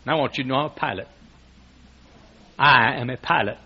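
A man voicing a dim-witted male airline pilot, with a slow, flat, low drawl, on a dull lo-fi recording. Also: breathy edge, natural voice. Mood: dopey.

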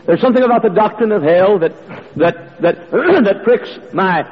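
Husky-voiced man preaching in an echoey hall. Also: high-pitched, lively intonation, moderate pace. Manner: earnest storytelling with frequent "uh" fillers. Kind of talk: sermon. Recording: echoey hall, dull lo-fi sound.

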